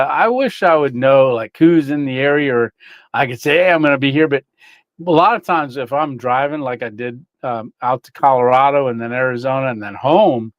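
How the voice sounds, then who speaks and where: A man's voice: fairly high pitch, no room sound. A man hosting a casual livestream, reading chat, greeting viewers by name and laughing often.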